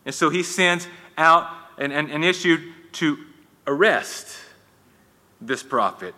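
A man's voice: fairly high pitch, animated, slow pace, pushed and bright. A man preaching a sermon in a conversational way, with frequent restarts and folksy asides. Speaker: pastor. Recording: long reverb in a hall.

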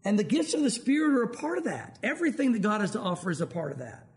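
A man's voice: high-pitched, very animated, quick pace. A man preaching a sermon in a conversational way, firing rhetorical questions at his listeners. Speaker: pastor.

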